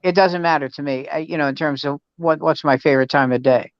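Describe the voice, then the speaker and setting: Older male comic, 70s, lively raconteur, muffled dry video-call sound. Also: a little high, fast talker, smooth, no room sound. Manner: animated storyteller acting out family dialogue. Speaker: veteran comedian and host. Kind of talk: casual storytelling chat.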